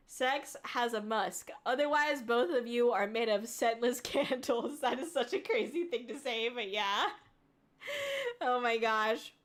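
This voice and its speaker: Giggly young woman streamer, fairly high voice. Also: a little slow. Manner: giggly, laughs often, rambling with fillers. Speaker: VTuber streamer. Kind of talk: casual livestream chat, reading chat aloud.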